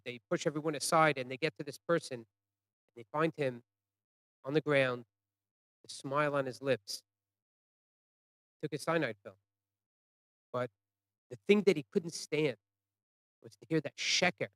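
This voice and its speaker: A man telling a story to an audience, halting and repeating words, dropping to a hush and rising loud. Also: fairly high pitch, dry recording. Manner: voice swings from hushed to loud for quoted cries.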